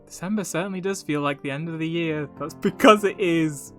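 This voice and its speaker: A man's voice: a little high, faint music behind. Man doing a polite old cafe-owner bird. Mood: kindly. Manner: formal, gentle, measured.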